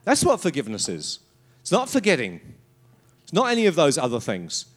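Animated male pastor preaching a sermon. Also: on the high side, a little fast. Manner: animated preaching with mocking quoted asides and laughter.

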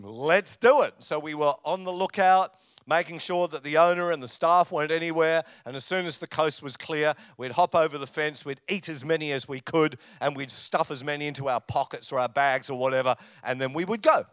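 An older English-born man preaching with a smooth, clear voice pitched a little high. He tells jokes and personal stories to his congregation, and his voice sounds close and dry. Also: no room sound. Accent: English, lives in Australia. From England. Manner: humorous storytelling, jokes with audience. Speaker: pastor. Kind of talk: sermon with personal anecdotes.

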